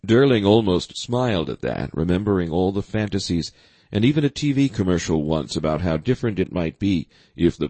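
A man narrating a political thriller audiobook in a steady, even reading. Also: sits low, breathy edge, no room sound. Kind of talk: scripted narration.

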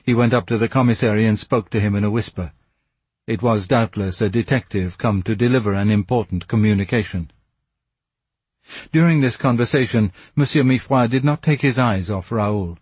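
Male audiobook narrator, husky voice, dry close sound, even measured reading. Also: on the low side, no room sound. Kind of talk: scripted narration.

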